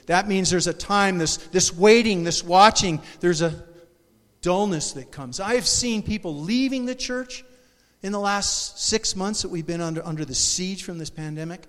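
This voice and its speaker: An impassioned male pastor preaches in a church sanctuary, his fairly high voice carrying a long echo off the walls. He stumbles and restarts, then bursts out loudly before dropping back to a soft, intimate tone. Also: moderate pace. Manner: animated, emotional preaching with restarts and sudden loud bursts. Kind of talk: sermon.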